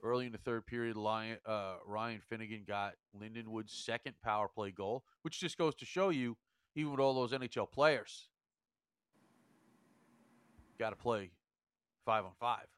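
Man, hockey co-host, low smooth voice, slow measured delivery, dry close sound. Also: no echo. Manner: measured, dry, counts things out slowly. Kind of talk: casual hockey chat.

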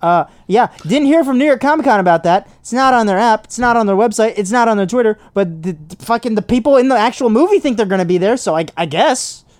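A man's voice: high voice, lively intonation, fast, hardly any pauses. A young man co-hosting a casual chat, teasing his co-host and laughing easily. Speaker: podcast co-host.

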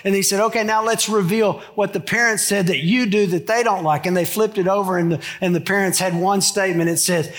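A middle-aged man preaching a sermon in a church, conversational, with joking asides to the congregation. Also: sits high. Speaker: pastor. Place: church sanctuary.

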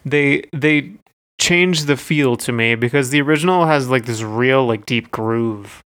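A man's voice: medium pitch, measured pace, fairly bright tone, clear, resonant tone. A man co-hosting a casual music podcast, talking in an easygoing, hesitant way. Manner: easygoing, hesitant, with frequent ums and laughs. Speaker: podcast co-host.

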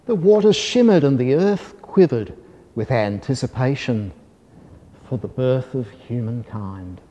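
Gentle man reading a storybook aloud. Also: medium pitch, animated, a little slow, dull audio, a little hiss or hum. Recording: long hall reverb.

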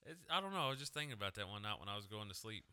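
A man's voice: fairly low pitch, big pitch swings, racing, bright, forceful tone, smooth. A man co-hosting a podcast, musing aloud and telling odd stories in casual chat. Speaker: podcast co-host.

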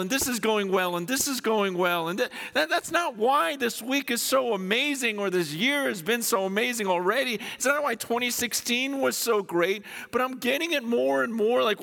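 A man preaching a sermon, excited and effusive, repeating himself as he speaks. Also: extremely high pitch, creaky. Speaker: pastor.

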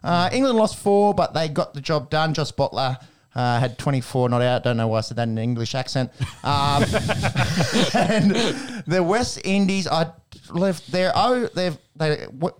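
A man's voice: a little high, sing-song, a little slow, clear, resonant tone. A man hosting a casual sports chat show, blokey and joking, with frequent laughs and the odd swear word. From Australia. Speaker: podcast host.

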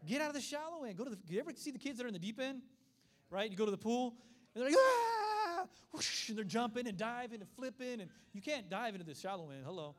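A middle-aged man preaching a sermon, telling stories in an animated way and acting out the voices of the people in them. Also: very high-pitched, quick pace. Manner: animated storytelling with acted voices.

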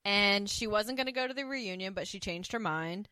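A woman co-hosting a casual podcast, recapping an episode in an animated way and slipping into playful character voices. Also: mid-range voice, normal speed, smooth, no room sound. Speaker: podcast co-host.

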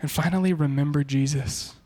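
A male pastor preaching a sermon in an animated way, often slipping into quoted voices. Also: a little high, a little fast, long reverb tail.

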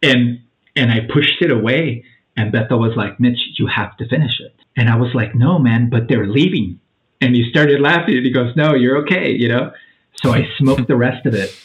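A man's voice: mid-range voice, normal speed. Storytelling man on a tinny line. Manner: animated storyteller, acts out quotes, says "man" and "dude" a lot. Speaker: podcast guest. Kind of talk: casual storytelling.

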